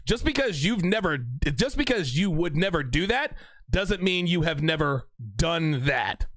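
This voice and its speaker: A man's voice: a little high, lively intonation, measured pace, a bit bright, no room sound. A man hosting a live stream, reading chat comments aloud and teasing a viewer with laughing mock-courtroom banter. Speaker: livestream host reading chat.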